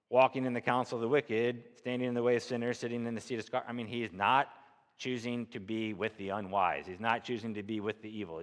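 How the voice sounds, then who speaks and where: A man's voice: mid-range voice, fairly bright tone, big-room sound. A man preaching a conversational sermon from Missouri, asking the congregation rhetorical questions. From Missouri, USA. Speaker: pastor.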